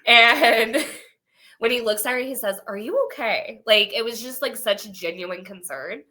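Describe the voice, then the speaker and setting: A woman teacher guesting on a casual podcast chat, animated and laughing often as she retells scenes. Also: a little high, measured pace. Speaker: guest, schoolteacher.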